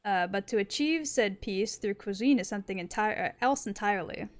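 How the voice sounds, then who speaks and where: A woman's voice: medium pitch, expressive, fairly quick. A young woman streaming a game, chatting casually and reading dialogue aloud, laughing often and swearing playfully. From not American.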